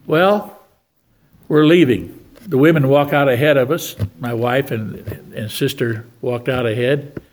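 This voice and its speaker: An older guest preacher delivers a sermon in church, his mid-range voice unhurried. He tells a story from his own life and keeps calling on the congregation for amens.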